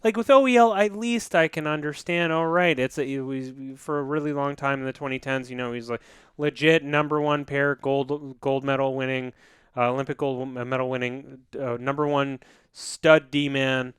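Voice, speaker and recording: A man's voice: medium pitch, steady tone, moderate pace, fairly bright tone, smooth, dry recording, studio quality. A man co-hosting a podcast in casual chat, rambling and jokey, with plenty of swearing. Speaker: podcast co-host.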